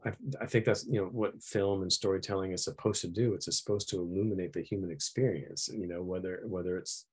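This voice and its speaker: Male podcast guest; reflective and thoughtful, very low pitch, husky tone. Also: a little fast, hardly any pauses. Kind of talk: casual chat.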